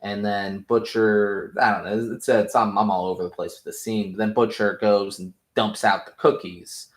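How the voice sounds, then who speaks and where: A man's voice: on the low side, flat delivery, moderate pace. Rambling, profane young man recapping. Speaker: podcast host. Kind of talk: casual recap review. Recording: roomy echo.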